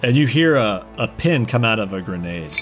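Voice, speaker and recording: A man narrating as game master, animated and profane. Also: lowish voice, normal speed, faint music behind.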